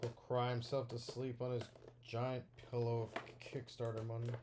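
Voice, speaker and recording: A young man giving casual, rambling unboxing commentary, excitable and full of filler words. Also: mid-range voice, moderate pace, heavy background noise. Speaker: toy unboxing vlogger.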